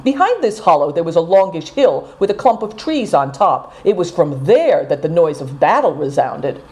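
A woman reads a storybook aloud with dramatic, expressive delivery. Her voice sits low and mellow, rising and falling in wide, lively arcs. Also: moderate pace. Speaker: audiobook narrator. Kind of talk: scripted storybook narration.

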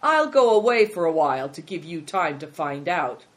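A woman's voice: sits low, sing-song, normal speed. Little Snowbird, a polite country boy, as a woman reads him. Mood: earnest. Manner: polite and earnest. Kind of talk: storybook read-aloud.

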